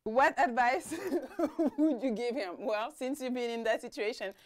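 A woman's voice: sits high, measured pace. A woman hosting a casual live-streamed talk show, chatty and laughing, wearing a mic. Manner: chatty, laughing, talks over her guest. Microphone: mic'd up.

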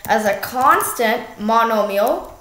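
A woman's voice: a little high, lively intonation, a bit bright, slight background noise. A young woman casually walking through algebra problems, correcting herself along the way and joking now and then. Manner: slow, self-correcting, jokey. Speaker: math tutor. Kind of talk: casual math walkthrough. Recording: echoey room.

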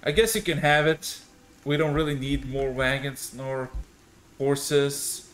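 A man's voice: medium pitch, fairly even intonation, slow pace, fairly bright tone, a little hiss or hum. A man voicing a weary, foul-mouthed male guard captain in a tabletop game. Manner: swearing, blunt, tired.

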